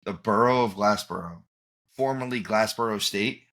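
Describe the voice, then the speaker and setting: A man's voice: fairly low pitch, normal speed, a bit bright. A man hosting a podcast in casual chat, rambling and often trailing off and restarting mid-thought. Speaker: podcast host.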